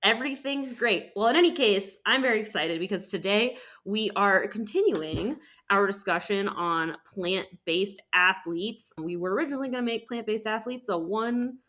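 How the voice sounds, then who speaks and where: A woman's voice: medium pitch, normal speed, hardly any pauses, fairly bright tone. A woman hosting a casual podcast as a climbing coach, jokey and giggly, swearing freely. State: sore and tired.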